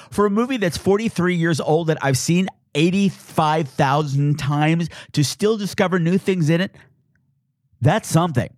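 A man with a Long Island accent hosting a casual podcast outro, camp and theatrical, his voice swooping up high when excited. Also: no echo, studio quality. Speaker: podcast host.

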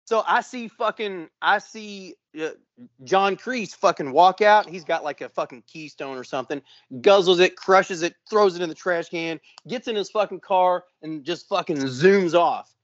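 Cursing podcast co-host, storyteller type, slightly high voice, dry, dull lo-fi sound. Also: male voice, normal speed, dry recording. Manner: profane, animated storyteller acting out quotes. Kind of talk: casual storytelling chat.

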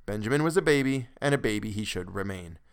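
A man narrating a classic story as a podcast host, in a measured, expressive way. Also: on the low side, clean tone. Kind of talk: dramatic storytelling reading.

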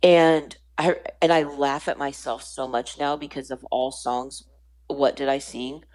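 A woman in her forties, a guest on a faith podcast, telling a personal story with animated storytelling and acting out the voices of others. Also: extremely low pitch, measured pace, low-quality recording.

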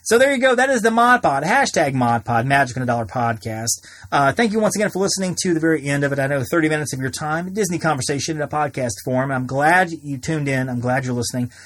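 A man in his thirties hosts a podcast and tells personal stories in a loose, rambling way, often restarting his sentences. His voice is husky and his delivery quick, and the recording is dry with no room sound. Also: medium pitch, dry recording. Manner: rambling, many restarts and repeated words. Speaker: podcast host. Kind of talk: casual personal storytelling.

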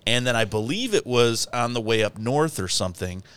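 A man co-hosting a podcast, telling stories and reading questions in quick, casual chat. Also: mid-range voice, animated, a bit bright, clear, resonant tone. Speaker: podcast co-host.

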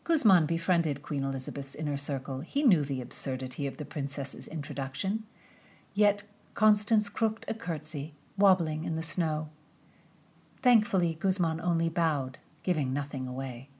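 A woman narrating a historical novel in an expressive, measured reading. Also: sits low, slightly rough. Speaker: audiobook narrator. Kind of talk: scripted narration.

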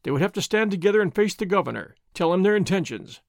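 A man's voice: high voice, animated, fast, creaky, dry recording, clean studio sound. A man voicing a dashing masked outlaw hero who talks defiantly and taunts his foes. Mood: earnest.

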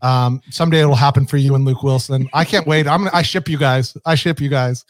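A man's voice: medium pitch, fairly even intonation, fairly quick, dry recording. Teasing man in a casual chat. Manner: playful teasing, stammering restarts. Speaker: podcast co-host.

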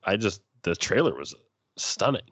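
A man's voice: fairly low pitch, very animated, moderate pace, a bit bright, dry recording. A man co-hosting a podcast, talking enthusiastically and acting out his own reactions. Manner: enthusiastic, jumps into quoted reactions. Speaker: podcast co-host. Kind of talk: casual fan chat.

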